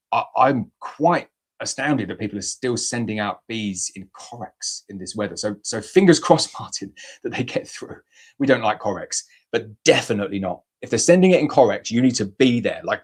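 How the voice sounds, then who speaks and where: A man hosting a casual beekeeping question-and-answer show, blunt and chatty, with playful mock examples. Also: fairly low pitch. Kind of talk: casual live Q&A.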